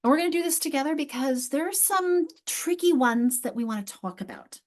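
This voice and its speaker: A woman's voice: high voice, expressive, brisk. A woman leading an online teacher training, explaining spelling steps and often correcting herself mid-sentence. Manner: explanatory, self-correcting with frequent restarts.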